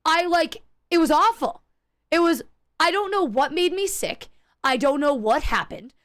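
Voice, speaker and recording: A woman streamer chatting casually while gaming, telling stories in a profane, animated way and acting out the people in them. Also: high-pitched, a little slow. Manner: acts out quoted people in her stories.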